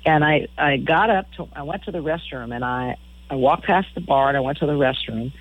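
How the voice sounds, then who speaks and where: A woman's voice: deep voice, fairly quick, dry recording. A middle-aged woman, a musician guest on a radio interview, telling stories frankly and often repeating words as she talks. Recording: phone-line audio.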